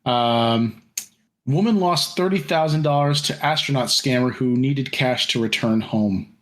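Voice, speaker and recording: A man's voice: medium pitch, measured pace. A man on a podcast reading out an odd news headline.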